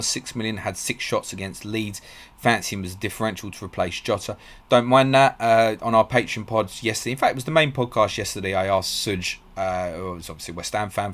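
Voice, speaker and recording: A man hosting a live stream, reading out viewer questions and answering them quickly and bluntly. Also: low-pitched, fairly bright tone. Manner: fast, blunt and matey, calls viewers mate. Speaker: podcast host.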